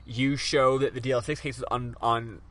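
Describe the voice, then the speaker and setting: A man's voice: mid-range voice, little pitch movement, moderate pace, fairly bright tone, no room sound. A man hosting a podcast, casually recapping a game in a rambling, profane way full of "um"s. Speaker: podcast host.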